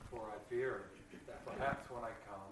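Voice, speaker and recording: A man's voice: mid-range voice, steady tone, moderate pace. A man in the congregation steadily reading a Bible passage aloud. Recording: very echoey, distant, noisy room.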